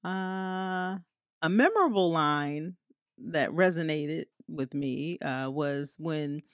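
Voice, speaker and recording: Woman movie reviewer, low and dry, chatty, laughs often and fills pauses. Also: no room sound. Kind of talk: casual spoken movie review.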